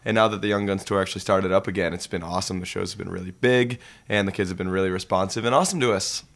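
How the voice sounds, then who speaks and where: A man's voice: sits low, steady tone, very fast, gravelly, a bit bright. A young man from a touring band, chatting and joking casually in an interview. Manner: laid-back, joking. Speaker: band member guest.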